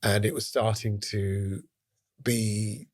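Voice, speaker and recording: A man in his sixties from Scotland, telling lively anecdotes as a guest in a conversational interview. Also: fairly low pitch. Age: 60s. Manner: animated anecdotes, drifting into quick bursts. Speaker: guest, impressionist. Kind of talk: relaxed storytelling interview chat.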